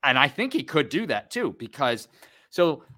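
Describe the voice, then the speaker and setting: A man in his thirties co-hosting a casual fight podcast, animated and rambling, swearing freely. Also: fairly high pitch, normal speed. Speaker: podcast co-host.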